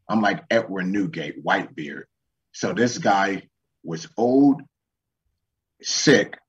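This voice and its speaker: A man's voice: on the low side, distant mic. A man on a casual talk show, ranting in a profane, fired-up motivational way. He sounds a little set back from the microphone, and the recording is dull and muffled. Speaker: podcast host. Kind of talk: casual chat.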